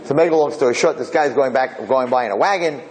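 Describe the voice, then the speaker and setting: A man tells an old parable casually, wandering off on tangents and slipping into the characters' voices as he goes. His voice sits at an ordinary middle pitch. A faint background hiss runs under the recording. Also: quick pace, darkish tone, rough recording. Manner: rambling, digressive, acts out characters. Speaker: storyteller.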